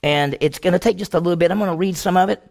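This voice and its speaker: A man preaching a sermon to a congregation, telling a story dramatically, moving from loud questions to hushed, slow passages. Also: sits high. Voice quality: gravelly.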